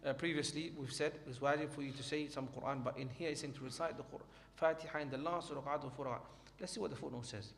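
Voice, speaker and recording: A quick-speaking man with a fairly high voice, teaching a prayer class in a reassuring, explanatory way. His voice rings with long reverb from a hall, over faint background noise. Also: steady tone, gravelly. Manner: explanatory, reassuring, reads from a textbook with footnotes. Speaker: Islamic studies teacher.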